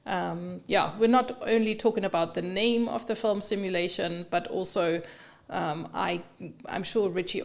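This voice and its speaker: Gravelly-voiced woman hosting a live stream. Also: mid-range voice. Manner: chatty, many fillers, addresses viewers in chat. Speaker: co-host of a photography livestream. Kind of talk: casual live-stream chat.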